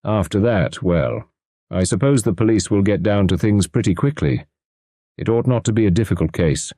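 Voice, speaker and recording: Businesslike doctor, read by a male narrator, brisk and authoritative, dark tone, storybook reading. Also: fairly low pitch, animated, no echo, studio quality. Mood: matter-of-fact.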